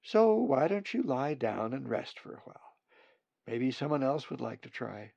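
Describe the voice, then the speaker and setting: A man voicing a mother raven who speaks in a gently firm, motherly way. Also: medium pitch, very animated, moderate pace, gravelly, dry recording, dull audio.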